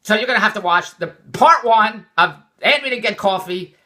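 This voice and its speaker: A man's voice: high voice, lively intonation, normal speed, sharp tone, a little hiss or hum. An older man from Philadelphia, rambling and repeating himself in an exasperated personal vlog monologue. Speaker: vlogger.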